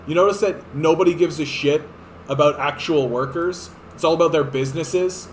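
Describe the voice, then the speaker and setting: A man rants about politics in a sarcastic, exasperated tone, swearing freely. His voice sits fairly high for a man. A faint hiss runs under the recording. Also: normal speed. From Canada. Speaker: political commentator. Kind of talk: ranting political commentary.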